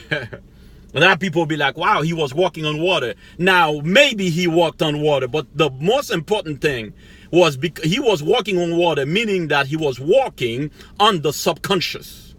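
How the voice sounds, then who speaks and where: A man's voice: a little high, expressive, a little slow, fairly bright tone. A middle-aged man giving a rambling motivational monologue as a life coach, preachy, laughing to himself now and then. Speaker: life coach, channel host.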